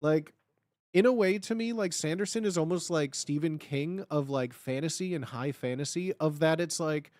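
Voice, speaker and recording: A young man talks to his live-stream chat in an excitable, rambling way, tripping over fillers and restarting his sentences. His voice sits a little high. The sound is dry and close, with no room around it. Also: normal speed, dry recording.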